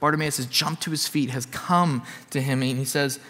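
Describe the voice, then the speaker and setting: A man's voice: medium pitch, steady tone, normal speed, sharp tone, big-room sound. A man preaching a sermon as a pastor, earnest and repeating his points for emphasis.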